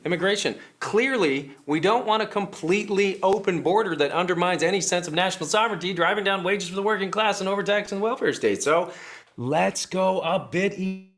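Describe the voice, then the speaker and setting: A man's voice: high voice, fairly bright tone. A man playing a sarcastic political strategist in a comedy sketch, who laughs at his own lines. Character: scheming male political strategist coaching activists.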